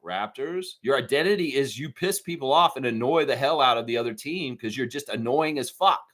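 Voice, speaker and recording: A man hosting a live fan show, ranting with lots of swearing and mocking impressions of other fans. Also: a little high. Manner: profane, animated ranting with mocking put-on voices. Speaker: sports podcast host.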